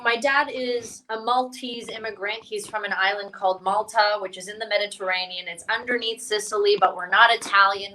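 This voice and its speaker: A young woman from Canada doing a stand-up comedy set for an online stream, with a deadpan, self-mocking delivery. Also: medium pitch, a little hiss or hum, rough recording.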